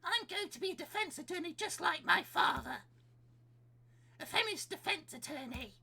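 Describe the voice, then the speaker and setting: A man's voice: very high voice, animated, normal speed, creaky, pushed and bright, pitched above the performer's own voice, full character voice. A man voicing an earnest, formal young schoolboy in a game read-along. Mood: proud. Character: earnest schoolboy defending a classmate.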